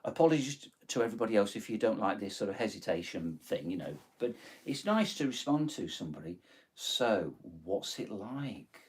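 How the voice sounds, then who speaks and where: A man's voice: on the low side, sing-song, moderate pace, slight background noise. A man with a Nottingham accent chatting on a live stream, rambling and hesitant with lots of ums and self-corrections as he takes song requests. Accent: Nottingham, East Midlands English. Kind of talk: casual live-stream chat.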